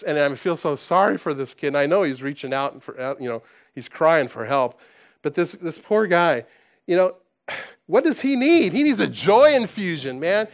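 An adult pastor, past college age, preaches to his congregation in a conversational, animated way, with frequent restarts. He drops into soft asides and rises to loud exclamations, all in a high voice.

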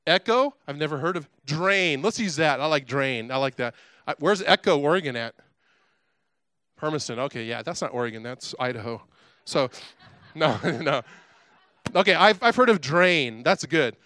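A middle-aged man preaching a sermon, telling a story with animated energy and chatty asides to the congregation. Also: a little high, normal speed, dry recording. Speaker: pastor.

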